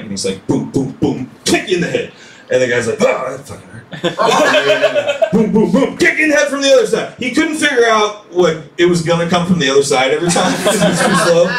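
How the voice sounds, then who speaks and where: A man from a small town doing a stand-up routine, chatty, leaning on "like" and acting out quotes. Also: a little high. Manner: chatty, leans on "like", acts out quotes. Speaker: stand-up comedian. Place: comedy club stage. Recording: echoey club room heard from far off.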